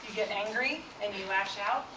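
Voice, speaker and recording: A woman's voice: mid-range voice, normal speed. A woman presenting a stress management workshop to students in a university classroom, talking conversationally with frequent fillers and asking the group questions. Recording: echoey room, far from mic, loud background noise.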